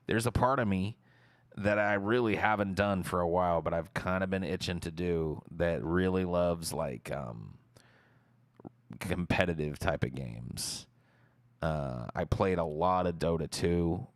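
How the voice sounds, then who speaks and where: A man streaming, casually answering viewer questions in a relaxed, rambling way and swearing freely. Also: low voice, a little slow, dry recording.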